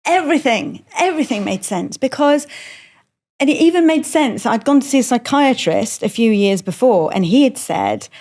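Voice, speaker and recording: Middle-aged woman, middle-class English accent, comedian guest, animated and self-mocking, quick asides. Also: a little high. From London, England. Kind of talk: candid conversational storytelling.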